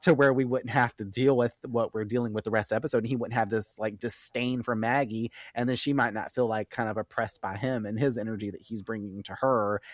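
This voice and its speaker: A young man hosting a podcast, recapping an episode in an animated, chatty and profane way. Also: lowish voice, brisk, hardly any pauses, dry recording. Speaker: podcast host.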